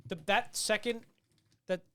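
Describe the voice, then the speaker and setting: A man's voice: sits high, steady tone, measured pace, sharp tone, clear, resonant tone, dry recording. A young man co-hosting a podcast, chatting casually and animatedly, swearing and acting out scenes. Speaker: podcast co-host. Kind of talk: casual chat.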